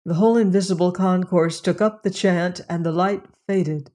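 A narrator and audiobook host giving a measured, atmospheric reading of gothic horror. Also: mid-range voice, steady tone, a little mellow.

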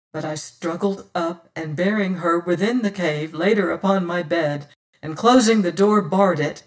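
A narrator giving a dramatic first-person audiobook reading, swelling loud on exclamations and going hushed in quiet passages, recorded on a distant mic. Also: mid-range voice.

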